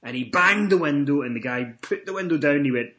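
A Scottish man hosts a laid-back wrestling podcast, speaking fast in a fairly high, animated voice with a fairly bright tone. He's a chatty storyteller who swears freely and acts out what people said.

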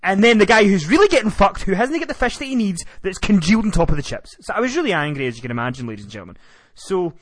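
A man hosting a podcast rants through a comic story in a profane, exasperated way. His pitch sits a little high and swings widely as he tells it. The sound is close and dry, with almost no room around it. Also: very animated, quick pace, few pauses, no echo. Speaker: podcast host. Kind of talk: storytelling rant.

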